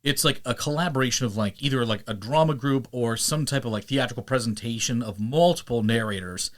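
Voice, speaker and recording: A man with a medium-pitched voice hosts a podcast and chats casually, animated and quick to slip into playful voices. He also narrates audiobooks.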